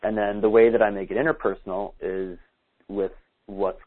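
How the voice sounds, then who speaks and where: A man's voice: on the low side, flat delivery, normal speed, narrow, tinny audio. A man giving dating advice in a podcast conversation, talking casually and acting out sample dialogues. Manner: acts out sample dialogues, casual with many likes. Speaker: dating coach.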